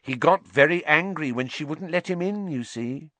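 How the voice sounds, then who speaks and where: A man's voice: on the high side, animated, moderate pace, fairly bright tone, dry recording, pitched above the performer's own voice. A man voicing a mischievous male poltergeist who cackles and talks in an oily, gleeful, taunting way in a storybook reading. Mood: sly.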